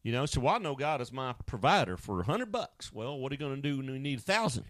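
A man preaching a sermon, animated, acting out Bible scenes and now and then jumping into high wailing voices. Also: quick pace, dry recording, studio quality.

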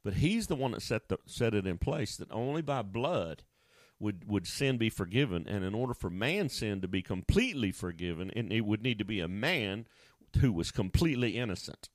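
A man's voice: fairly low pitch, lively intonation, moderate pace, dry recording. A male pastor preaching a sermon in a folksy, conversational way, often restarting his sentences.

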